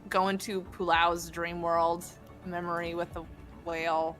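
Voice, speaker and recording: A woman's voice: on the low side, level tone, a little slow, a bit bright, faint music behind. A woman co-hosting a casual show, laughing often and reading game lines aloud. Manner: giggly, playful, switches into character readings. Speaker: podcast co-host.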